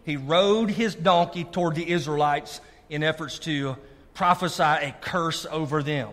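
A man's voice: on the high side, a little slow, a bit bright. A male pastor preaching a sermon, calling out to his congregation to check they are listening. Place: church sanctuary. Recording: long reverb of a large hall.

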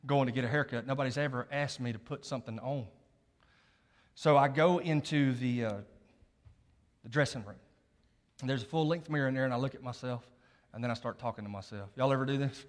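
A man's voice: on the high side, brisk, fairly bright tone. A man preaching a sermon as a story, folksy, laughing at himself and checking in with the audience. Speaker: pastor. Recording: long reverb of a large hall.

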